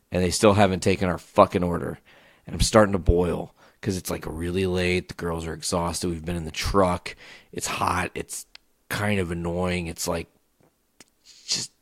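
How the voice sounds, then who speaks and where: A man hosting a solo podcast, telling a story as a profane, animated rant. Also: low voice, no echo, studio quality. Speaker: podcast host.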